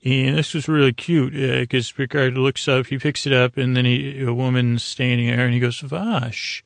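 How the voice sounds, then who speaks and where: A male podcast host talks through an episode in a loose, rambling way, full of ums and restarts and tossing in playful jokes. His voice has a gravelly edge and stays fairly level in pitch. The sound is close and dry, with no room echo. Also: level tone, moderate pace. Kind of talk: casual episode recap.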